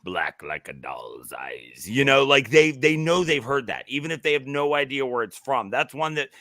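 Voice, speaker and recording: Bright-voiced man, halting chat. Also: mid-range voice, dry recording, clean studio sound. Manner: halting, many restarts, excited. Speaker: podcast co-host. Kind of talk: casual chat.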